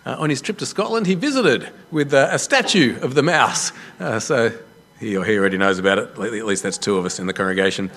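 A man preaching a sermon as a pastor, telling a story with lively self-deprecating humour. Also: medium pitch, fast talker.

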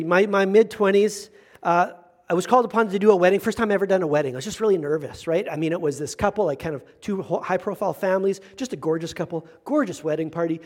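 A middle-aged pastor with a high, light voice delivers a sermon in a relaxed, conversational style. He slips into other people's voices to act out what they said.

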